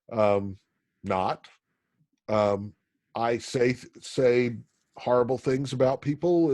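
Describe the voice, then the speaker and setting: A man from Pennsylvania teaching an online college class, talking in a halting way with many ums and restarts. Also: mid-range voice, a little mellow, no room sound. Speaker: college instructor.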